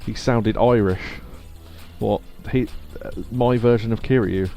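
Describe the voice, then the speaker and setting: A man chatting casually through a live game stream, joking and laughing, his voice a bit rough from a sore throat. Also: mid-range voice, steady tone, measured pace, mellow. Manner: chatty, laughs often, wry asides. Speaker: gaming streamer. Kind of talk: casual live gameplay commentary. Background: faint game music.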